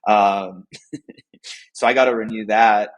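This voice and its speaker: A man's voice: lowish voice, steady tone, slow pace, muffled recording. A man from the United States, a podcast guest, chatting casually and rambling with lots of "like" fillers. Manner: rambling, heavy use of "like" fillers.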